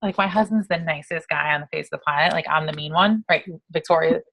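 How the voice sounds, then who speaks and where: A woman in her thirties from New York, hosting a casual team call and telling stories in a brash, profane, animated way. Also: sits low, fast, creaky, a little hiss or hum.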